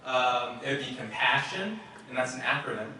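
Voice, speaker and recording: A man's voice: medium pitch, expressive, normal speed, pushed and bright. Young man in his twenties toasting, far and echoey. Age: 20s. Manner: stammering starts, joking. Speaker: party guest giving a toast. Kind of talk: casual speech.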